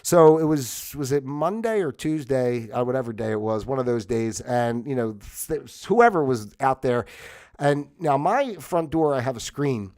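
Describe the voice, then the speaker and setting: A man's voice: medium pitch, lively intonation, normal speed, darkish tone. A middle-aged man from New Jersey hosting a livestream, telling a rambling story with lots of fillers and some mild swearing. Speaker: livestream host. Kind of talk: casual livestream monologue.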